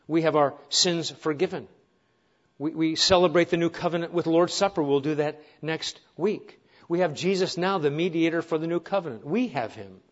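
A man's voice: on the high side, moderate pace, highs cut off. A man preaching a sermon to his congregation, earnest, with rhetorical questions and wry asides. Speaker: pastor.

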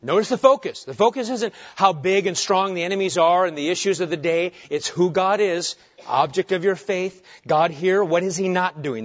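A man preaching an expository sermon, swinging between booming emphasis and hushed calm. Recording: dull lo-fi sermon recording.

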